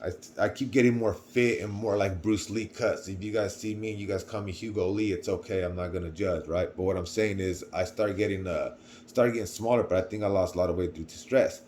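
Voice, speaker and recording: A man's voice: deep voice, brisk, slight background noise. A young man telling a personal story to camera in a casual, rambling way, often repeating himself. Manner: rambling, repeats words, swings between quiet and loud. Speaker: vlogger.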